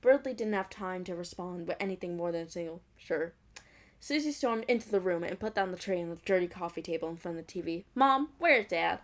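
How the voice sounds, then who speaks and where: A woman's voice: lowish voice, fast, few pauses, a little mellow. A young woman reading a fan fiction aloud, breaking off into giggly, mocking asides. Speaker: fanfic reader.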